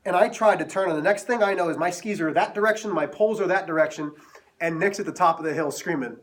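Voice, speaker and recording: A man's voice: sits high, fast, distant mic. A male math teacher telling a self-mocking story to his class before moving into the lesson.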